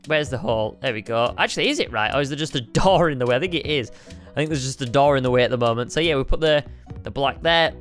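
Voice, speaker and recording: A man's voice: on the high side, a bit bright. A young man, talking viewers through building in a video game in a chatty, upbeat way. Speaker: gaming video host. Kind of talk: game commentary.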